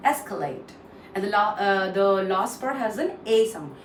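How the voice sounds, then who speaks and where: A woman's voice: mid-range voice, moderate pace, far from the mic. A woman giving an online pronunciation lesson. She explains and repeats each word for drill, with frequent "uh" fillers. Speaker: English pronunciation trainer. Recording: roomy echo, off-mic, faint noise.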